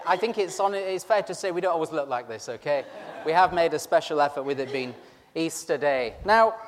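A man preaching an interactive Easter sermon, chatty and teasing as he pulls the congregation in. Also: high voice. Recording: long reverb of a large hall.

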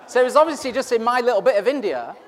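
A man's voice: very high voice, sing-song, very fast, a little hiss or hum. A man preaching an interactive Easter sermon, chatty and teasing as he pulls the congregation in. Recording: long reverb of a large hall.

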